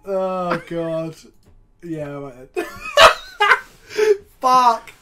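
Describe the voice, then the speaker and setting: A mid-pitched streamer who talks loosely and excitably over an online card game. Swear words come often and loud laughs burst out between the plays. The talk is unscripted, live-stream chatter. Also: drawn-out words. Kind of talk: casual live-stream chat.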